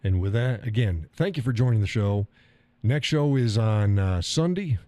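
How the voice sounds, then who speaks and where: Recorded dry, this man's mellow voice sits on the low side, with lively intonation and a moderate pace. A middle-aged streamer, he rambles while reading chat comments, swearing casually and chuckling often.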